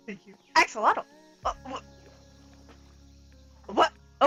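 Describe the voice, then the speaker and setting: A young woman streaming a game, chatting casually and gasping and squealing with excitement. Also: sits high, slow, long pauses, soft background music. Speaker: streamer playing a multiplayer block game.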